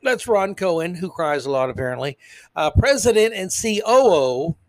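A man's voice: on the high side, expressive, moderate pace, a little mellow, dry recording. A man hosting a podcast in a sarcastic, emphatic rant that sometimes stumbles over its words. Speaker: podcast host. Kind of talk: ranting political commentary.

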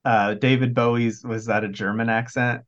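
A man's voice: mid-range voice, level tone, moderate pace. A man chatting casually as a podcast panelist, rambling with lots of "like" and "um". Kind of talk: casual chat. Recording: dull lo-fi recording.

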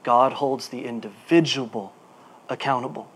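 A male pastor preaching a sermon. His delivery is animated, moving from quiet asides to emphatic bursts, and he repeats words while he looks for a phrase. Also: medium pitch, unhurried, slight background noise.

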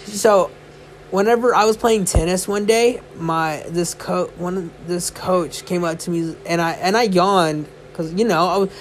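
A young man with a high voice rambles on his own podcast, tired and yawning in the small hours. He fills his talk with "um" and "like." A faint hiss of noise sits behind him. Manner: rambling and chatty, many fillers. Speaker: podcast host. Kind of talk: casual solo podcast chat. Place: indoors, lying in bed.

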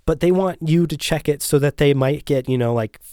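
A man's voice: on the high side, fairly quick, warm tone, no echo, clean studio sound. Sarcastic, swearing man ranting. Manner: swears constantly, rambles off topic, sarcastic. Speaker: host of a one-man rant show. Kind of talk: profane ranting monologue.

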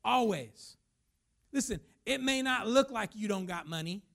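High-voiced gravelly guy preaching, pastor going hard on his points. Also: lively intonation, unhurried, a bit bright. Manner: emphatic preaching, acts out quoted voices. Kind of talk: sermon.

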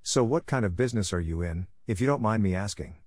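A man's voice: lowish voice, animated, quick pace, darkish tone, dry recording, clean studio sound. A man voicing a flirty woman photographer.

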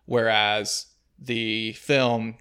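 A man's voice: lowish voice, flat delivery, drawn-out words, pushed and bright, clear, resonant tone. A man hosting a podcast, discussing a film in a thoughtful, analytical way and asking leading questions. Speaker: podcast host.

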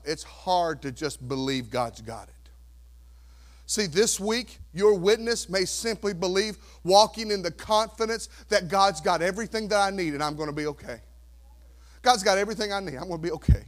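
A preaching pastor with an unusually high male voice. He stays emphatic throughout, pressing the congregation with rhetorical questions. He drops to near whispers and then rises to shouts. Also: animated, moderate pace. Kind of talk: sermon.

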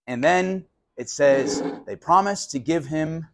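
A man preaching a conversational sermon as a pastor, animated and casual, sometimes acting out voices of the people he talks about. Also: a little high, slow pace. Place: live sermon at a college venue.

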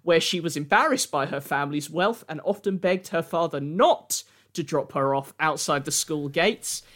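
A man co-hosting a podcast, walking through researched notes with wry, deadpan asides. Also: a little high, moderate pace. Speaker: podcast co-host. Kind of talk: casual chat.

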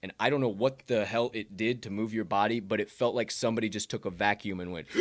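Man, low voice, casual podcast host, swears a lot, rambling, dry sound. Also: fairly even intonation, fast talker, dry recording. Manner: profane, rambling storyteller. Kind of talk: casual sports betting chat.

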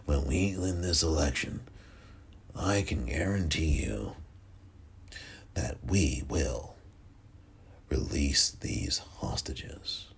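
A man doing a hushed scheming old politician. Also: animated, takes it slowly, creaky, pauses often, slight background noise, heavily acted. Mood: conspiratorial. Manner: hushed, low, half-whispered. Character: older male politician making a sly backroom promise.

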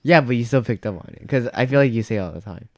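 A young man co-hosting a podcast in casual chat, who says he talks loudly. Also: medium pitch, expressive, fast talker, dry recording, clean studio sound. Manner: loud, admits he yells a lot. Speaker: podcast co-host.

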